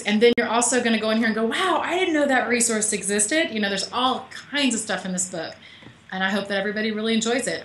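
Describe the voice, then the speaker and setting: A woman's voice: on the high side, pushed and bright, roomy sound. A woman author being interviewed over a call from her home office, chatty and emotional, laughing often. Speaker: author guest. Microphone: call audio.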